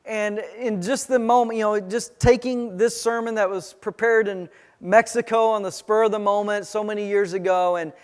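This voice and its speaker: A male pastor preaching a sermon, telling a personal story in a halting way, full of restarts and fillers. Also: sits high, fairly even intonation, clean tone. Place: church sanctuary. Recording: church sanctuary with long reverb.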